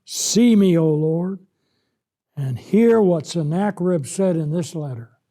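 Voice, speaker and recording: A man with a high, mellow voice preaching slowly and emphatically through a Bible lesson. He leans hard on key words and swells louder when giving voice to the scripture. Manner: slow, emphatic, rises loud when voicing God.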